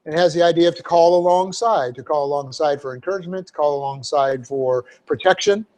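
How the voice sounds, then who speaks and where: A man's voice: on the high side, brisk, a little mellow. A middle-aged man, a pastor, teaching a Bible passage word by word with frequent "okay?" checks and homely asides. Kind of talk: verse-by-verse teaching sermon. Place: church hall.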